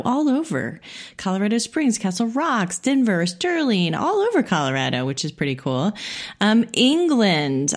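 A middle-aged woman from Indiana hosting a podcast, making casual, friendly, self-deprecating announcements. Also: mid-range voice. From Indiana, USA. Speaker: podcast host.

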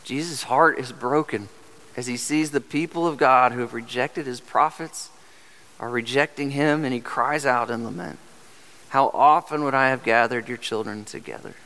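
A man's voice: medium pitch, normal speed, sharp tone. A man preaching a sermon as pastor, earnest and direct, asking the congregation rhetorical questions. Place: church sanctuary. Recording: long hall reverb.

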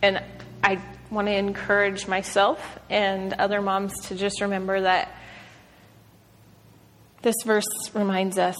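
A woman in her thirties shares a faith talk with a room of other mothers. She speaks in an earnest, casual way, full of "like" and "um", at a middle pitch. Her voice rings with the long reverb of a large hall. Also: level tone, unhurried, a bit bright, slight background noise. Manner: earnest, conversational, frequent "like" and "um". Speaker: speaker at a women's gathering. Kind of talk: devotional talk.

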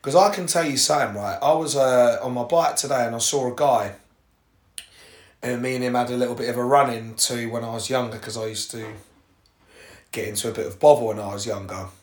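A man's voice: mid-range voice, a little fast. A young English man telling personal stories in a casual, rambling way, swearing freely and talking straight to his listeners. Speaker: podcast host.

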